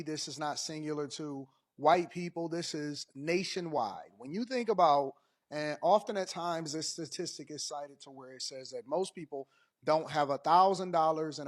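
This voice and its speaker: A man speaking seriously about people living above their means. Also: fairly high pitch. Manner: serious, lecturing. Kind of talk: commentary on personal finance.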